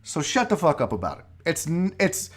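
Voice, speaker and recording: A man's voice: on the high side, wildly swooping pitch, a little fast. A man hosting a casual live-stream show, ranting with profanity while a bit tipsy from drinking. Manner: profane, rambling rants. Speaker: show host.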